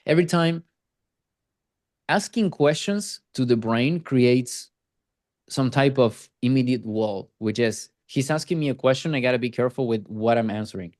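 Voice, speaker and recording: A man's voice: mid-range voice, a little mellow, no room sound. Man coaching a sales team, dry sound. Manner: casual, acts out prospects' replies in quick asides. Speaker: sales trainer. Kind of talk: explaining sales techniques on a team call.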